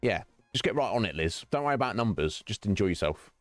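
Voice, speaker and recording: A man's voice: on the low side, sing-song, fast talker, dry recording, faint music behind. A male streamer chatting casually with viewers during a game stream, rambling and teasing, laughing often.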